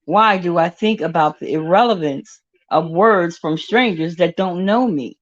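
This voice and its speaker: Slow-talking chatty woman live-streaming. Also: fairly low pitch, dry recording. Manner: chatty, talks to viewers by name. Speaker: livestream host. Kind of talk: casual live-stream chat. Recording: dull, slightly lo-fi sound.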